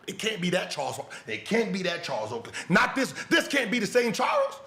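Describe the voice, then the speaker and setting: Male podcast host, sarcastic reactor, high animated voice, roomy sound. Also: normal speed, few pauses. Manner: mocking, sarcastic, shouts and laughs. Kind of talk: reacting to clips.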